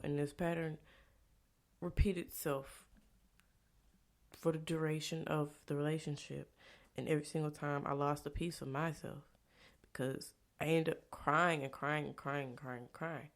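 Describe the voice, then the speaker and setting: A woman vlogger with a gravelly, low voice tells her story candidly. She swears freely and keeps asking rhetorical questions. She shifts between hushed confiding and loud, exasperated bursts. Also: flat delivery, normal speed.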